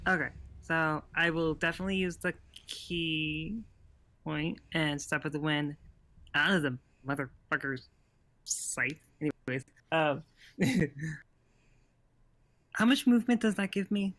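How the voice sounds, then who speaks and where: A man's voice: fairly high pitch, measured pace, pauses often, pushed and bright. A man playing in a tabletop game, chatting casually, joking and laughing as he asks about his moves. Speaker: player.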